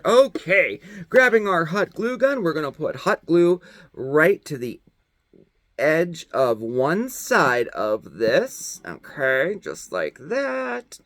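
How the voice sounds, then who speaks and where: A chatty man walks viewers through a dollar-store craft project in a casual, upbeat way. His pitch swings up and down a great deal as he talks, and he keeps checking in with a quick "okay?". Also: a bit bright, no echo. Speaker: host. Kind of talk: casual DIY craft demonstration.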